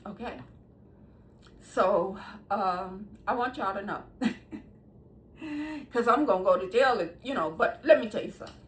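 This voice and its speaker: A woman in her sixties hosts her own show, speaking straight to viewers in a casual, animated, emphatic monologue and laughing often between sentences. Her voice is mid-range, her pace measured, and she pauses often. There's slight background noise.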